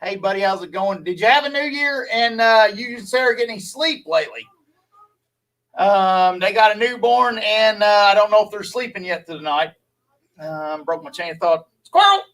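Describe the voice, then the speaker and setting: A man's voice: sits high, normal speed, fairly bright tone, far from the mic, rough recording. A man from Louisiana with a Southern accent, chatting folksily with viewers on a live stream, rambling and laughing easily.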